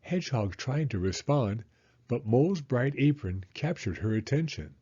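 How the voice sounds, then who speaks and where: A man reading a children's picture book aloud in an expressive, animated storytelling manner. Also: medium pitch, moderate pace, breathy edge, highs cut off. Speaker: storybook reader.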